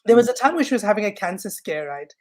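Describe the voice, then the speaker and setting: A woman's voice: medium pitch, animated, fast. Thoughtful co-host woman. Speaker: podcast co-host. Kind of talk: casual chat.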